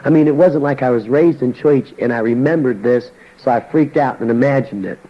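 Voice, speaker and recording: A man's voice: mid-range voice, brisk, lo-fi sound. An older man, a former boxer, telling his conversion story as a church testimony in a colloquial, slangy storytelling manner.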